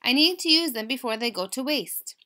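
A friendly neighbor man asks his question in a loud, cheerful voice, as a woman reads him. His voice stays on the high side. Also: lively intonation, a little fast.

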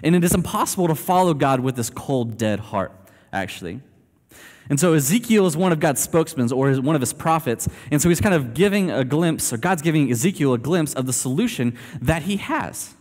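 A man's voice: a little high, animated, fairly quick, a little mellow. A man preaching a sermon in a loose, conversational way, full of fillers and asides. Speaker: pastor. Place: church sanctuary. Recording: long hall reverb.

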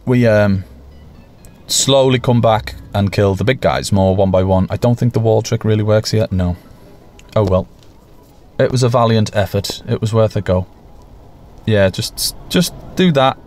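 Jokey man narrating gameplay. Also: on the low side. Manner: jokey and self-mocking, excited bursts. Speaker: gaming channel host. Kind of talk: casual gameplay commentary.

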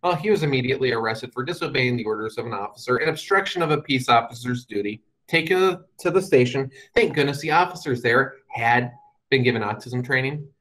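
A man speaking to an audience as a guest presenter, his voice sitting at an ordinary middle pitch. He tells stories with a dry, humorous edge, then lays out his points in a plain, logical way. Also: fairly bright tone, rough recording. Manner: wry, humorous storytelling with dry asides.

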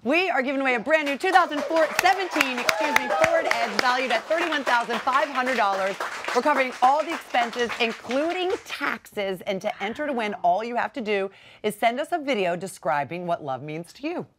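A woman's voice: fairly high pitch, lively intonation, a little fast, heavy background noise. A woman co-hosting a studio lifestyle show, chatty and enthusiastic as she introduces the segment. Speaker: show co-host. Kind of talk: casual studio chat.

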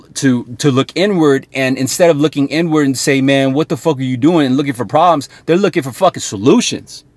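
A man's voice: a little high, no room sound. A man giving a blunt, heavily profane motivational rant straight to the viewer. He keeps checking in with "right?" as he talks. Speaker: motivational sales coach.

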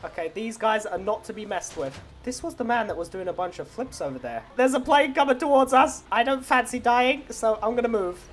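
A young man in a game role-play, playing a tow truck driver with excitable, teasing commentary and frequent laughter. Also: very high voice, fairly quick, few pauses.

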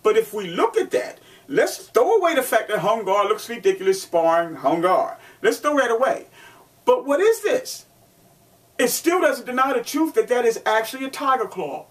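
A man's voice: extremely high pitch, big pitch swings, normal speed, distant mic. Emphatic man teaching martial arts. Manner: emphatic, repetitive, rhetorical questions. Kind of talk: instructional video talk.

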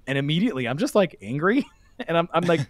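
A man telling a long story in casual podcast chat, animated and laughing as he acts out the quoted lines. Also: on the high side, fast talker, no echo.

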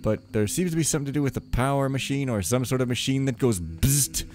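A man's voice: mid-range voice, quick pace, darkish tone. A man giving rambling, wry gameplay commentary as a let's play host, talking to himself as he plays. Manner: wry, joking, talks to himself. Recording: game music behind voice. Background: game music.

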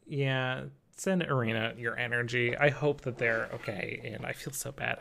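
A man's voice: mid-range voice, steady tone, normal speed, gravelly, hardly any pauses, bright, forceful tone. A male streamer chatting casually while gaming, apologetic and flustered, laughing often and answering chat.

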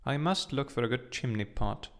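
A man's voice: mid-range voice, expressive, normal speed, a bit bright. A man doing a fussy little swallow. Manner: prim, talks to the point. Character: small fussy chatty male swallow. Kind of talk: audiobook reading.

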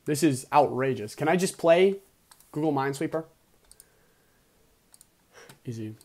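Excitable young man calling a game. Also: on the high side, brisk. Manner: excitable, swings from mumbling to loud outbursts. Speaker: video host and league player. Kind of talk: casual game commentary.

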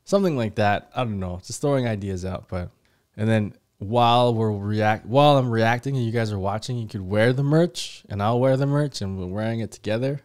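A man hosting a movie reaction show, chatting casually to viewers in a rambling, excitable way full of fillers and restarts. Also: on the low side, fairly quick, clean tone. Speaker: host of a movie reaction channel.

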